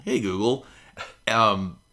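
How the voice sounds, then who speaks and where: A man's voice: lowish voice, takes it slowly. A man co-hosting a casual comedic movie review chat, bantering wryly and quoting characters for laughs. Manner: wry, deadpan banter, quotes characters for laughs. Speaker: podcast co-host.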